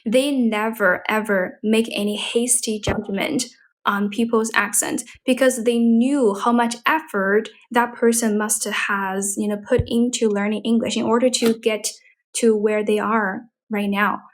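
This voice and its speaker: A woman's voice: fairly high pitch, fairly even intonation, unhurried. A woman with a Chinese accent, a native Mandarin speaker, hosting a casual livestream chat and practicing spoken English, encouraging and explaining at length. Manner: encouraging, talks in long explaining runs.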